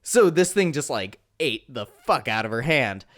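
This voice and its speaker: A man's voice: medium pitch, sing-song, normal speed, a bit bright, no room sound, clean studio sound. A man co-hosting a podcast, recapping a film in casual chat and acting out scenes with comic voices. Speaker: podcast co-host. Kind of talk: casual movie review chat.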